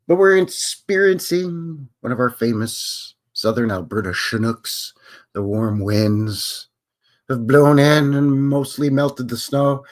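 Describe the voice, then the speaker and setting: A man's voice: mid-range voice, expressive, slow pace. A Canadian man hosting a casual live stream, rambling and joking as he greets viewers by name. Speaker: livestream host.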